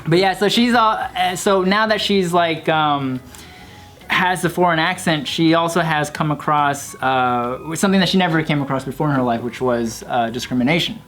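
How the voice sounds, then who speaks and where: A man's voice: fairly high pitch, normal speed, a bit bright, soft background music. A man hosting a casual commentary show, explaining a story loosely with plenty of filler words. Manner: explains stories with fillers and restarts. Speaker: host.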